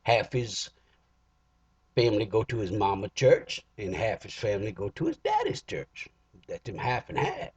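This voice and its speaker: Husky Cajun storyteller with a lively voice. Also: male voice, fairly low pitch, moderate pace, no echo. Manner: folksy, drawling, chuckling asides. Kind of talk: comic folk storytelling. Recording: dull lo-fi recording.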